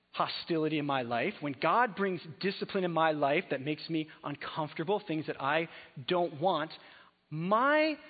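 This high-pitched male pastor delivers a sermon in a big church hall, alternating quiet reflection with forceful exhortation in a conversational style. The audio has a phone-like quality and long reverb from the hall.

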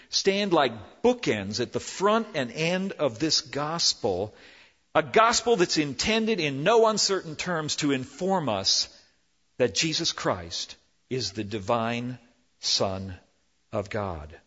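Man, pastor, sermon, husky bright voice, lively pitch, long hall reverb, dull lo-fi sound. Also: slow pace. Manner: animated preaching, shifting from loud emphasis to hushed.

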